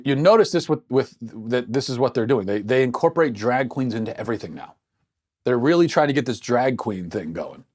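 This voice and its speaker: A man's voice: mid-range voice, darkish tone. A man hosting a political commentary show, talking in an incredulous, argumentative, sarcastic way.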